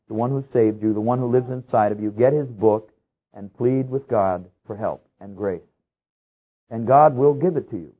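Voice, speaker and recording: A man preaching a sermon as a pastor, earnest and rising to loud pleading passages. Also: mid-range voice, breathy edge. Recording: tinny phone-like radio broadcast.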